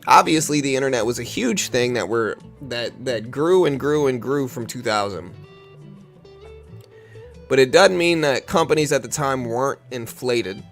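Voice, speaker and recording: A man's voice: medium pitch, animated, moderate pace, faint music behind. A man hosting a live day-trading stream, talking casually and rambling with restarts, still getting over an illness. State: recovering from illness, a bit slow.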